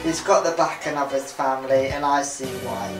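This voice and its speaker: A man's voice: mid-range voice, normal speed. A man giving an enthusiastic, casual video review of talent show acts, often repeating his praise. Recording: roomy sound with music behind.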